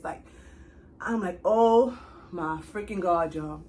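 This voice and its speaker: A young woman telling a casual storytime straight to her viewers, chatty and animated, with speech. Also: medium pitch, slow. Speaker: vlogger.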